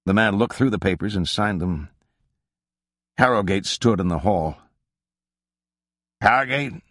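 Audiobook narrator: man, very low voice, measured literary delivery, dry close sound. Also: no room sound. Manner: measured, even literary reading. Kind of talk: scripted narration of a literary novel.

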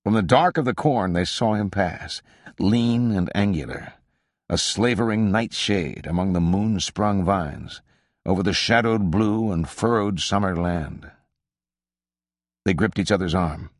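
A man narrating a literary novel as an audiobook, in a measured, even reading. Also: low voice, dry recording, studio quality.

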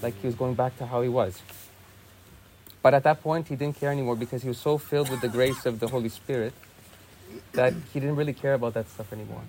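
A man's voice: medium pitch, fairly even intonation, quick pace, a little mellow, a little hiss or hum. Young man telling a story casually. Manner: easygoing, many fillers like "you know" and "like".

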